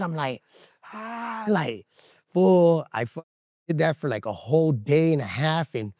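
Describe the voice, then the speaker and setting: A man's voice: medium pitch, dry recording, studio quality. A man telling a candid, emotional story to the camera, slangy and swearing, acting out the voices of people in it. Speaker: interviewee telling his recovery story. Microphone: camera interview setup.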